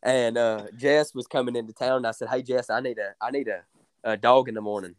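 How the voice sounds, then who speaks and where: A young man, telling hunting stories as a guide in a drawling, excited way with many fillers. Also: medium pitch, fairly quick, no echo. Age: young adult. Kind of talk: casual storytelling.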